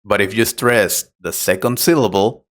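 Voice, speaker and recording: A man acting as an English teacher who explains pronunciation tips patiently and clearly in a scripted conversation lesson. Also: lowish voice, moderate pace.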